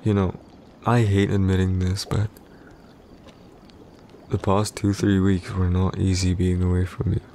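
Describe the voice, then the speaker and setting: A man voicing a possessive, jealous warrior husband in a whispered role-play, curt and irritated, speaking low and close. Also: completely flat delivery, unhurried, pauses often, mellow, slight background noise. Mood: grudging. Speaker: voice actor in a boyfriend roleplay.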